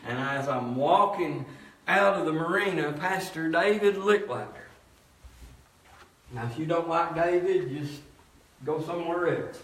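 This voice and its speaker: A pastor preaching, telling a story with loud emphatic shouts and low, quiet asides. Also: male voice, animated, unhurried, pauses often. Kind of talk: sermon storytelling. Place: church. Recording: echoey church hall from far off.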